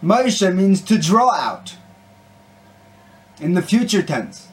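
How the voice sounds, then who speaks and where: A man's voice: high voice, very animated, takes it slowly. A man giving a short Torah talk with a story, speaking in an earnest, conversational way and often restarting his sentences. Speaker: Torah teacher. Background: guitar music.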